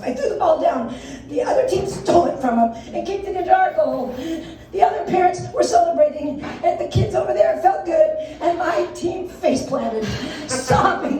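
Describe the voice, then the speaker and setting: A woman's voice: high voice, expressive, normal speed, mellow. Older woman comic, self-deprecating, very echoey stage from afar. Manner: self-deprecating, laughing through her jokes. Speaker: stand-up comedian. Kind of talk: stand-up comedy set. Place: stage in a room. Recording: echoey room, mic far off.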